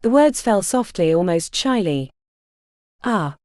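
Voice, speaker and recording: A woman narrating a historical romance audiobook in a measured, storytelling manner. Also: mid-range voice, very animated, dark tone, dry recording, clean studio sound.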